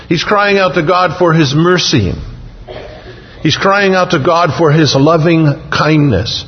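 A man preaching a sermon in an earnest, repetitive cadence, stressing his key phrases slowly. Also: a little high. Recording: dull, muffled audio with long reverb.

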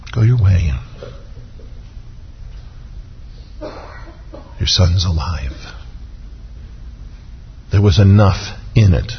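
Man, sermon, earnest preacher, husky voice, long hall reverb, muffled lo-fi sound. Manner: earnest, rises in pitch when stressing points, slows on quoted scripture.

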